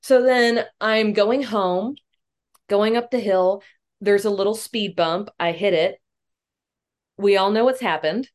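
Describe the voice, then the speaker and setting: A young woman, a comedic actress, telling a self-mocking story as a podcast guest, animated and swearing casually. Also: mid-range voice, slow, long pauses.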